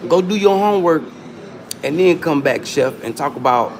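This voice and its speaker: A man's voice: a little high, lively intonation, normal speed. A man with hosting a livestream, taunting and arguing with users in his chat in a casual, combative way. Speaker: livestream host.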